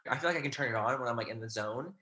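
A young man as an interview guest, chatting casually and gushing in animated asides. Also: medium pitch, rapid-fire.

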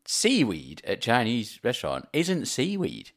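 This is a young man telling stories on a casual podcast. His voice sits in a middle pitch but moves a lot, rising sharply when he gets to the surprising part. He comes across as eager and chatty. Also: a little slow. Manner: animated, eager anecdote teller. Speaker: podcast co-host. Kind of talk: casual chat.

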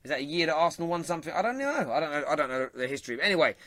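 Man, London accent, football show host, bright voice, slightly high, dry close sound, chatty, laughs a lot. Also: animated, very fast, no echo. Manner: laughs often, banters with chat. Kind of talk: casual live-stream chat.

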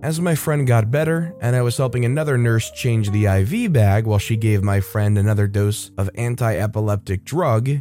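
A man's voice: mid-range voice, dark tone. Man narrating a story over guitar. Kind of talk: reading a story aloud. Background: faint guitar music.

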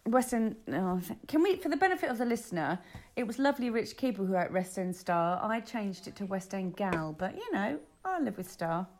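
A woman co-hosting a podcast, chatting excitedly and laughing often. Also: medium pitch, a little fast. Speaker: podcast co-host. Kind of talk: casual chat. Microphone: earphones in.

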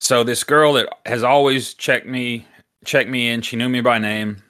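A man's voice: medium pitch, flat delivery, normal speed, pushed and bright. A man hosting a podcast, telling a story in a rambling, casual way with lots of filler words and some swearing. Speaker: podcast host.

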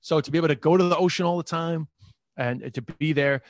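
A man talking casually as an interview guest, rambling and filling pauses with lots of filler phrases. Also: on the high side.

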